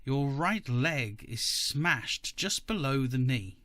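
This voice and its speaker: A man voicing a genial but menacing madman villain, mocking his captives in a slow, taunting voice that leaps up in pitch. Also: lively intonation, fairly bright tone, no echo. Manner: mocking, taunting, with sudden high rises.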